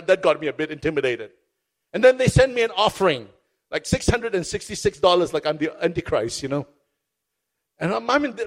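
Pastor, male, high-pitched, impassioned sermon storyteller who repeats key phrases. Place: stage before a congregation.

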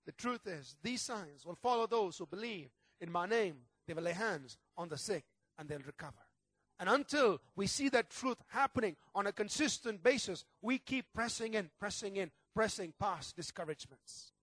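High-voiced earnest man preaching a sermon. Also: expressive, normal speed, a bit bright, dry recording. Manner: earnest storytelling preacher, building to fervent prayer. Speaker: pastor.

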